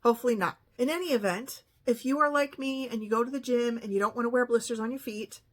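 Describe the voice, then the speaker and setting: A woman in her fifties with a fairly high voice who rambles through a personal story. She sounds chatty and exasperated, and her telling is loose and conversational. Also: fast. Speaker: vlogger. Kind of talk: casual storytelling monologue.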